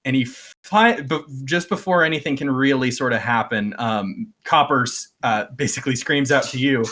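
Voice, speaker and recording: A man's voice: mid-range voice, moderate pace, few pauses, bright, forceful tone. A man narrating as game master of a tabletop game, hesitant with frequent fillers. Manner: hesitant, lots of uh and um, chuckling.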